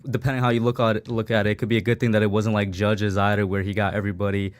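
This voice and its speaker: Smooth-voiced fast-talking fan youtuber. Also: male voice, lowish voice, level tone. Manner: friendly, easygoing slang. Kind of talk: casual stream chat.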